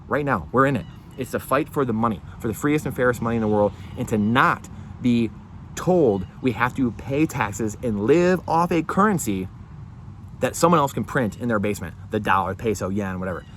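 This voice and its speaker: A man's voice: mid-range voice, a little hiss or hum. A man hosting his own channel, delivering a heated solo monologue full of impassioned rhetorical questions. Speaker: channel host.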